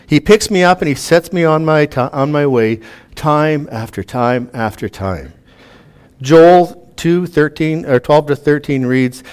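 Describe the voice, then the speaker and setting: A man's voice: on the high side, lively intonation, slow pace. A man preaching a sermon to a room, earnest, reading scripture aloud with emphatic rises.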